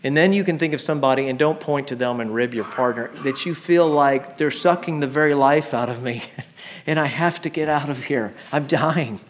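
A man preaching a sermon to his congregation, telling stories in an animated way and calling his listeners y'all. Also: medium pitch, normal speed, lo-fi sound. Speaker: pastor.

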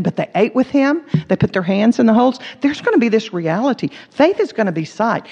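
A woman's voice: a little high, big pitch swings, brisk, creaky, few pauses, a little mellow. A woman teaching a sermon, earnest and emphatic, repeating words for stress. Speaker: Bible teacher. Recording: dull recording with long hall reverb.

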